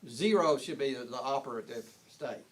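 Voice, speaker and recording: A man's voice: medium pitch, moderate pace. An older man giving an informal spiritual talk, rambling with frequent restarts and chuckling at his own points. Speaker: spiritual teacher.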